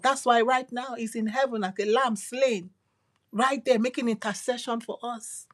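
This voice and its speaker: Woman preacher, higher voice, emphatic and repetitive, loud lines dropping to whispers. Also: fairly even intonation, moderate pace. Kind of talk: devotional sermon.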